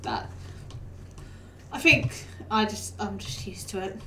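Bright-voiced woman streaming games. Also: mid-range voice, animated, vocal fry, distant mic. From United Kingdom. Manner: chatty, quick to laugh, talks back to the game. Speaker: game streamer. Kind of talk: casual live-stream chat. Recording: echoey room, voice off-mic.

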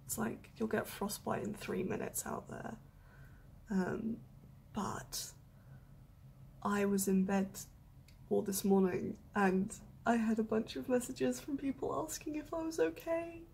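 A young woman chatting casually in a vlog, often dropping into a hushed whisper and joking at her own expense. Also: on the high side, steady tone, unhurried, vocal fry, slight background noise. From United Kingdom. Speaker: vlogger. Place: indoors in a small warm room, then outdoors in snow and wind. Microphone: handheld camera mic.

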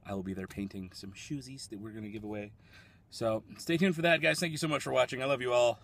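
A man vlogging casually at a fast food restaurant, rambling and talking with his mouth full as he tastes a dessert. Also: mid-range voice, animated, creaky, a bit bright. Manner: chatty, rambling, eating while talking. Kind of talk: casual food-tasting vlog.

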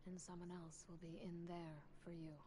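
An actress playing a guarded female agent briefing a detective in a video game, calm and businesslike. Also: lowish voice, normal speed, a little hiss or hum, lightly acted. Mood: urging. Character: cool, guarded female agency handler.

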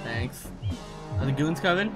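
A young man with a high, bouncy voice calls out a video game as he plays it live. He swears freely and argues with the characters on screen. Game music plays underneath. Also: unhurried. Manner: excitable, profane, talks back at the game. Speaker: gaming streamer. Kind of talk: casual live-stream gameplay commentary.

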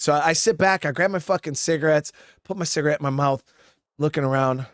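Ex-marine guy rambling thru a story, swears a lot, kinda high voice, dry sound. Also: fairly even intonation, fast, no echo. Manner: profane, rambling, keeps addressing listeners as guys. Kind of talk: casual spoken storytelling.

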